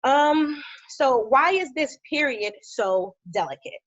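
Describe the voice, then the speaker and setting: A woman health professional giving an informal educational talk, with conversational fillers and steady lists of symptoms. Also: sits high, takes it slowly. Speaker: health professional speaking on a panel. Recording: dull, lo-fi dry sound.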